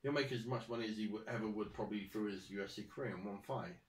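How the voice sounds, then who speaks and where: A man's voice: fairly low pitch, quick pace. A young man hosting a casual sports podcast, laying out numbered points and raising provocative questions. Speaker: podcast host. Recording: roomy, mic at a distance.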